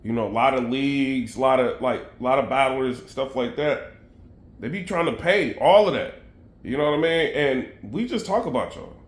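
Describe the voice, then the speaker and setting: A man's voice: medium pitch, normal speed, echoey room. A man giving casual commentary straight to his viewers, heavy on "you know what I mean" and loose asides. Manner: conversational, filler-heavy, addresses viewers directly. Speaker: battle rap commentator.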